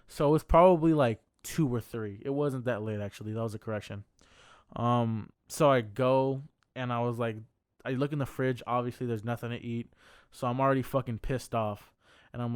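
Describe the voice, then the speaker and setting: On a studio-quality recording with no echo, a young man co-hosting a podcast tells a lengthy personal story. He rambles casually, swears a lot, and leans on fillers. His mid-range voice is clear and resonant, moving at a moderate pace.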